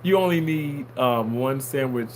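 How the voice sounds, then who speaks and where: On a casual livestream, a man reads viewer comments aloud and answers them playfully and animatedly, laughing often. His voice is medium in pitch and unhurried, with a little hiss or hum.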